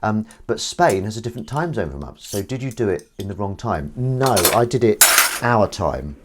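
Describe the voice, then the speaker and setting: A man's voice: fairly low pitch, big pitch swings, normal speed, slight background noise. Rambling man washing dishes. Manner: rambling, self-deprecating, reads out chat comments. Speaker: livestream host. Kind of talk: casual chat while washing up. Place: home kitchen. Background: clinking dishes and cutlery.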